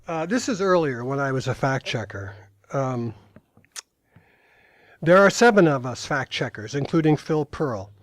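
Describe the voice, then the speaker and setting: A man's voice: mid-range voice, expressive, unhurried, long pauses, no echo. An older man reading aloud from his own memoir at a live talk, in dry storytelling with brief asides to the audience.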